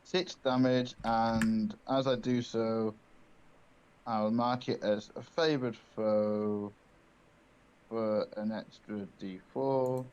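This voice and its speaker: Slow, halting man at the game table. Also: on the low side, steady tone, darkish tone, smooth, muffled recording. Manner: deliberate and halting, full of pauses. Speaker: player.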